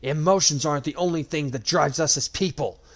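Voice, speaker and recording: A man's voice: fairly high pitch, brisk, pitched above the performer's own voice. A man doing a defiant young swordsman. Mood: cold. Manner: cold, defiant, sharp-edged. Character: angry young male swordsman hero.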